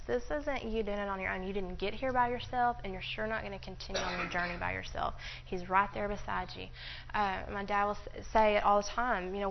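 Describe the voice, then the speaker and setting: A woman's voice: medium pitch, vocal fry, a little hiss or hum. Woman preaching in a chatty, laughing way, slightly muffled. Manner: chatty, laughs often, frequent asides. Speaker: Bible teacher. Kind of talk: informal sermon.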